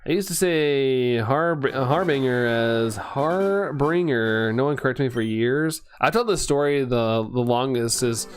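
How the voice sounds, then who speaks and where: A man's voice: medium pitch, unhurried, hardly any pauses, slight background noise. Rambling, playful man streamer. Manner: rambling, playful, stumbles over words and laughs at himself. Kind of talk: casual live-stream chat.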